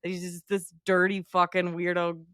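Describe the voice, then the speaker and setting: A woman's voice: fairly low pitch, flat delivery, moderate pace, fairly bright tone, clean tone, dry recording, studio quality. A woman co-hosting a podcast, chatting casually and animatedly, laughing often and acting out lines. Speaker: podcast co-host. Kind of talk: casual chat.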